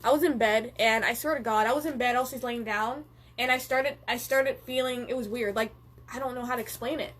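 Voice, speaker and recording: Animated, foul-mouthed young woman. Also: fairly high pitch, a little fast. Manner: animated, profane, reads viewer comments aloud. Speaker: live stream host. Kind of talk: casual live-stream chat.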